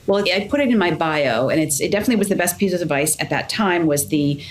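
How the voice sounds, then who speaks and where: A woman answering as a podcast guest in casual chat, sarcastic and quick to laugh. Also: low-pitched, animated, a little hiss or hum.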